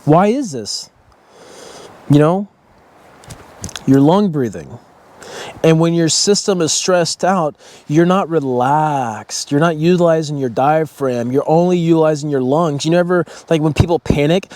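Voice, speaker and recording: A self-help vlogger with a fairly high, darkish voice speaks a little slowly. He gives a casual motivational talk about breathing, addressing his viewers directly, bluntly, and with plenty of swearing.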